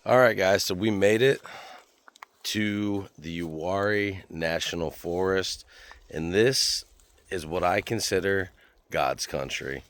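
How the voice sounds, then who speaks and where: A man with a low, deep voice talks to his viewers in a relaxed, folksy vlog style. He is recorded outdoors at a campground on a camera mic. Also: slow. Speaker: outdoor vlogger. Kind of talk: casual vlog talk to camera.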